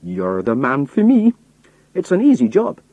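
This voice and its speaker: A man's voice: medium pitch, huge pitch swings, a little slow, dark tone, dull audio, pitched above the performer's own voice. A man reading as a friendly middle-aged roadman, cheerful and easygoing.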